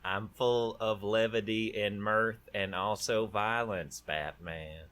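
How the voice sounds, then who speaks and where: A man putting on the voice of a creepy, menacing male clown villain with a slow southern-tinged drawl. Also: fairly low pitch, steady tone, a bit bright. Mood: creepy menace.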